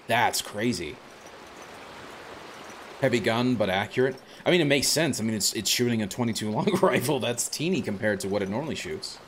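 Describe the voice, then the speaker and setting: A man's voice: fairly low pitch, animated, moderate pace, a bit bright, a little hiss or hum. A man streaming a video game, chatting casually and rambling with many restarts and self-corrections. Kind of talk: casual gameplay commentary.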